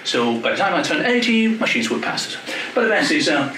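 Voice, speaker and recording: A man giving an academic talk, joking with quick asides in a lively manner. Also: a little high, slight background noise. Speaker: panel speaker. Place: lecture hall. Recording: echoey lecture hall from far off.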